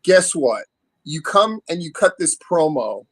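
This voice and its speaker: A man hosting a casual interview podcast, telling stories in an animated, profane way. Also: a little high, a little slow, slightly rough, no room sound. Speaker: podcast host.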